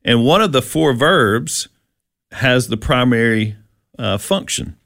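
A man co-hosts a Bible discussion, going through the verses one at a time and asking his partner questions in a relaxed teaching style. His medium-pitched voice is animated, slow, creaky and fairly bright, recorded cleanly in a studio with no echo.

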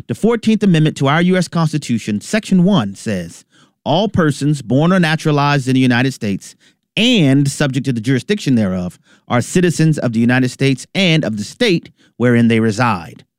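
A man's voice: mid-range voice, dry recording, studio quality. Emphatic male radio commentator. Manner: emphatic, measured delivery.

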